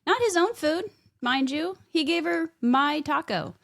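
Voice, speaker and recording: A woman's voice: sits high, animated, measured pace, vocal fry, a little hiss or hum. A middle-aged woman co-hosting a podcast, telling a story in casual chat and laughing as she goes. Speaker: podcast co-host.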